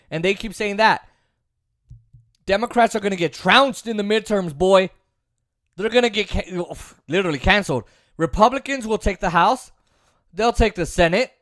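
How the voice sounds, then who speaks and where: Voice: medium pitch, fairly bright tone, no echo, clean studio sound. A political commentary host giving a sarcastic, opinionated monologue, repeating points for emphasis. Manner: sarcastic, mocks opponents in put-on voices.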